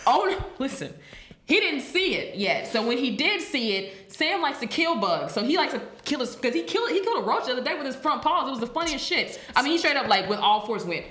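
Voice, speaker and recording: A young woman hosting a podcast, telling stories in casual, animated chat, swearing and laughing as she goes. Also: high-pitched, a little fast, roomy sound. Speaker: podcast host.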